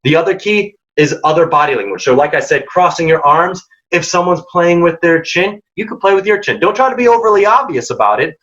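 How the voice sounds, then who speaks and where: On dull lo-fi audio, a man with a voice on the high side and a bit bright leads a career workshop. He offers emphatic, direct advice and acts out lines of quoted dialogue.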